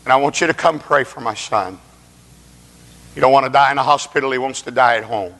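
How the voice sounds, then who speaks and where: A man's voice: medium pitch, brisk, a bit bright, natural voice. A male preacher voicing a worn-out, grieving mother who pleads for help, in a sermon recorded in a reverberant hall. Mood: weary pleading. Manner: weary, pleading. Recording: long reverb of a large hall.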